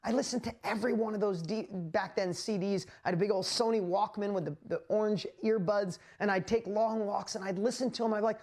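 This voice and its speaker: Hyped-up guy giving a live motivational talk, super animated, keeps asking the crowd stuff. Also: sits high, brisk, hardly any pauses. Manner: excitable, animated storytelling with frequent exclamations; speaks straight to the audience with rhetorical questions. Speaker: host and motivational speaker.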